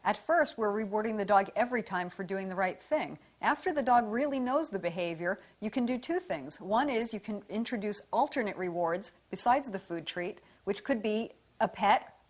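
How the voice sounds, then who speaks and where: Woman trainer, practical and clear, step-by-step explainer. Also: mid-range voice, lively intonation, normal speed, few pauses. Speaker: dog trainer. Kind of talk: instructional explanation.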